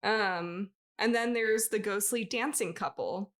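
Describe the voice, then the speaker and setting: A podcast co-host reads out a ghost story in an easygoing, conversational way, often laughing along the way. Her voice is medium-pitched and a bit bright, and she speaks unhurriedly.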